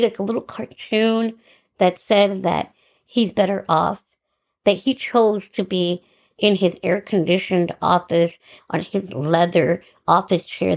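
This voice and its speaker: A middle-aged woman hosting a podcast, telling her own story in an animated, sarcastic way and acting out the dialogue. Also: medium pitch, vocal fry. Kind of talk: personal storytelling monologue.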